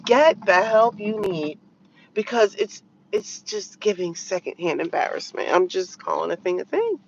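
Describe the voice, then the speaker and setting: A woman with vocal fry talks at normal speed in an opinionated commentary vlog. She narrates a story in a blunt, fed-up way, voicing her own retorts with sharp pitch jumps and plenty of animation. The sound is lo-fi with slight background noise.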